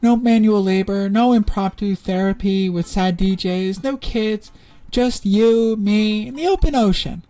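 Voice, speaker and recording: A woman's voice: mid-range voice, a little slow, mellow, faint music behind, lightly acted. A woman reading a game message aloud as a cheerful, flirty man, in an eager sing-song manner.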